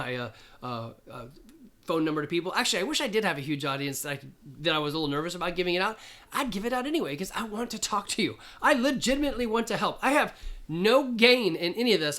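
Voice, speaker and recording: A man's voice: a little high, bright, forceful tone. A man in his fifties, a gym owner and coach, talking casually and earnestly to camera in a rambling, plain-spoken way. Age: 50s.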